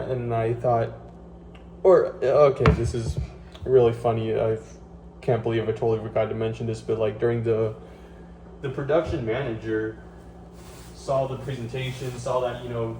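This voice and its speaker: A man venting in a casual vlog while cooking in his kitchen, rambling with lots of fillers, restarts and swearing. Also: mid-range voice. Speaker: vlogger. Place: home kitchen, cooking at the stove. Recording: distant phone mic with clear tap-water noise.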